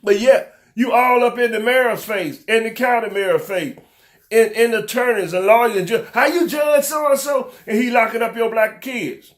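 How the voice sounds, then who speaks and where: A man's voice: high voice, normal speed. A man hosting a local talk show, scolding his audience with fervent rhetorical questions in a preacher-like style. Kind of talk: preacher-like call-and-response commentary.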